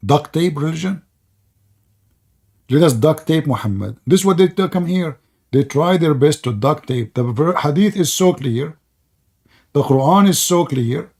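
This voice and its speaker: A man's voice: on the high side, lively intonation, measured pace, long pauses, a little mellow. A man hosting a live online debate, mocking and sarcastic, laughing often and saying he is losing his voice. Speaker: debate host.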